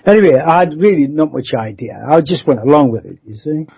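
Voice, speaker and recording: A man's voice: a little high, lively intonation, brisk, vocal fry, slightly rough, highs cut off. A man, rambling through a life story as a radio interview guest, often adding 'you see'. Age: 70s.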